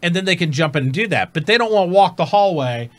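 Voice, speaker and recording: A man talks through a casual gaming show in a slightly high voice, animated and loose. He swears offhandedly and jumps into quick acted-out radio calls. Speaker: podcast host.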